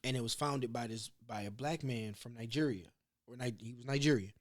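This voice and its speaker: A male podcast host with a mid-range voice talks briskly in casual chat. He's a loose, profane storyteller who rambles through his tales.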